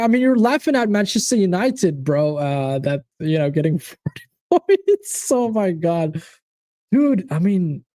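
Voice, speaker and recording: A man's voice: high-pitched, sing-song, unhurried, warm tone, no room sound, clean studio sound. A man hosting a live football watchalong, chatting casually and animatedly with viewers, swearing and calling them by name. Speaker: watchalong host. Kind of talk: casual live-stream chat.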